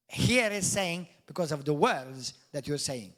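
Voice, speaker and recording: High-voiced emphatic male preacher. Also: lively intonation, a little slow, few pauses. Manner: emphatic preaching with wide swings in loudness and pitch; jokey asides and mock quotes of doubters. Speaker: pastor. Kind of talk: sermon.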